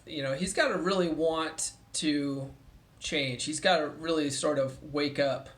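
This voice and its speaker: A young man with a fairly high-pitched voice tells a story in a relaxed vlog. He talks casually and curses often, with plenty of fillers and restarts. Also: a little slow. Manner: casual, profane, chatty with many fillers; mimics others in a raised voice when quoting them. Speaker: vlogger.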